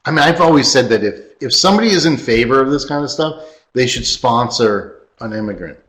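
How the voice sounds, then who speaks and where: A man's voice: mid-range voice, animated, a little fast, fairly bright tone. A man co-hosting a podcast, chatting emphatically about politics and acting out what other people would say. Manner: emphatic, acts out imagined people. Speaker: podcast co-host. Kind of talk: casual political chat.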